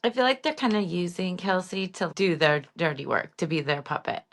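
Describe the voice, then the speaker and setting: A woman's voice: lowish voice, animated, a little fast. A woman co-hosting a casual reality TV recap podcast, with dry, sarcastic asides. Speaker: podcast co-host.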